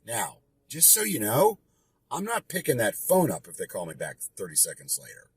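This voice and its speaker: A man's voice: on the low side, huge pitch swings, normal speed, slightly rough, no room sound. A man teaching a real estate investing lesson, direct and emphatic, repeating his key points. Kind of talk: coaching lesson.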